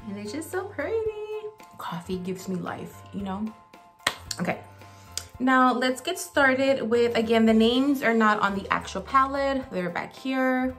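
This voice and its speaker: A woman beauty vlogger chatting casually while doing her makeup at home, gushing and talkative, in a gravelly morning voice. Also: on the high side, lively intonation, measured pace, fairly bright tone, soft background music. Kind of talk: casual makeup tutorial chat.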